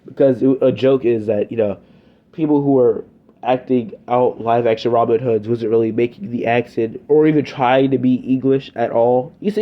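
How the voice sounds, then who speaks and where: A man's voice: medium pitch, moderate pace, highs cut off. A young man giving a scripted review, ranting in an exasperated, sardonic way.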